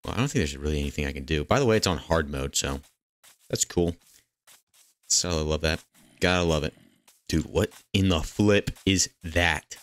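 Deep-voiced man joking through gameplay. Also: a little fast, no echo. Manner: jokey and playful, chatting to game characters; excitable outbursts. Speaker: gaming channel host. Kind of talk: casual gameplay commentary.

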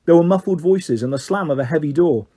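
A man reading a children's story aloud in a lively, expressive way. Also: a little high, fast talker, husky.

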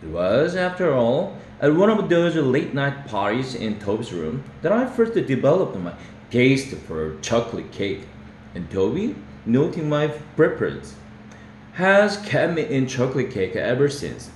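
A man's voice: mid-range voice, sing-song, measured pace, a little hiss or hum. A man with a Korean accent, an English learner reading a novel aloud expressively, now and then correcting himself. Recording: roomy echo, faint background.

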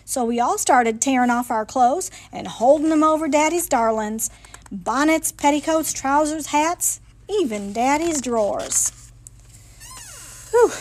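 A woman reading a picture book aloud in a lively, folksy storytelling manner, in a library. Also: sits high.

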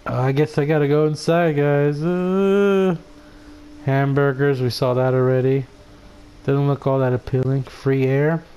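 A man giving excitable, laugh-filled let's play commentary, swearing freely as he reacts to the game. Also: mid-range voice, unhurried, smooth. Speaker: gaming commentator.

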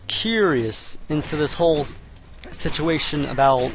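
A young man talks through his gameplay in loose, hesitant commentary, full of fillers and sudden exclamations. His voice is medium-pitched. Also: normal speed, slight background noise. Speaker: let's play commentator.

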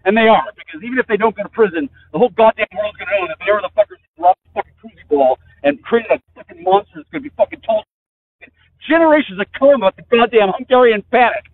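A man's voice: high voice, lively intonation, quick pace. A man rambling in a profane, agitated way while riding a motorcycle, talking into a headset mic. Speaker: vlogger. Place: outdoors on a motorcycle in traffic. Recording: tinny phone-like headset audio with faint vehicle noise.

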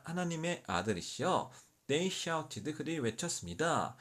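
A man teaching an English Bible passage, reading each phrase slowly and then translating it quickly, often correcting himself mid-word. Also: medium pitch, sing-song, a bit bright. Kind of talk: slow English reading with Korean explanation.

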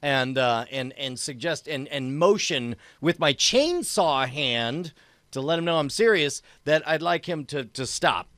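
A man playing in a tabletop role-playing game, excitable and stammering, often laughing. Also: a little high, unhurried, dry recording, studio quality. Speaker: player. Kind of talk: tabletop role-play banter.

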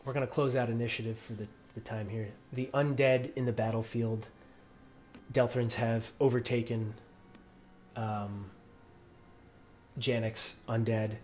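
A man's voice: mid-range voice, steady tone, measured pace, pauses often, darkish tone, a little hiss or hum. A man narrating as game master in a loose, rambling way with many fillers.

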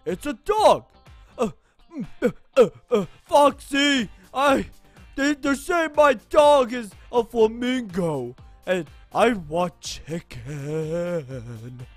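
A woman voicing a dim, childish male animatronic bear who is obsessed with chicken, in a deep, stammering, slow voice. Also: lively intonation, no room sound, faint music behind. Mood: dopey. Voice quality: deep, dopey voice. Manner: stammering, slow and simple-minded.

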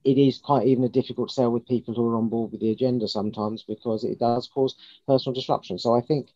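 A man's voice: medium pitch, fairly even intonation, quick pace, warm tone, no echo. A man answering a council committee's questions candidly over a video call, often repeating and correcting himself. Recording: dull lo-fi video call audio.

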